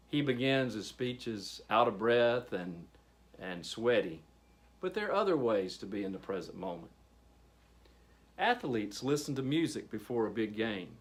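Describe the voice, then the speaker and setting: A man in the middle of a training workshop, talking to a group about managing nerves. He sounds animated and engaged, with deliberate pauses. His voice sits at a typical middle pitch for a man. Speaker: training facilitator. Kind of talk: public speaking workshop presentation.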